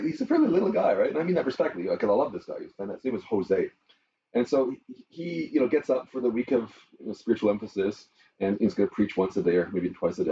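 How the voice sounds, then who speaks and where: Man, middle-aged, pastor, lively storytelling, faint background noise, dull sound. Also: mid-range voice, recorded from a distance. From Canada. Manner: animated storyteller, chuckles often. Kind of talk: interview conversation.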